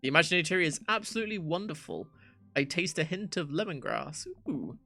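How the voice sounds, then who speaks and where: A man's voice: on the high side, animated, brisk, vocal fry, bright, forceful tone, soft background music. A man streaming a dating game, reading lines aloud in a playful way, swearing and stumbling over words.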